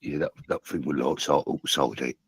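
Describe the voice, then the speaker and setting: A groggy man with a husky voice on a phone call, confused, rambling, repeating himself and swearing. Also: rumbling low, fairly even intonation, normal speed, dry recording.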